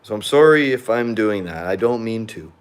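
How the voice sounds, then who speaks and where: A man's voice: fairly low pitch, expressive, normal speed, clean tone. A young man venting in a casual vlog monologue over a beer, blunt, rambling and full of swearing. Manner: drinking beer while chatting. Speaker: vlogger.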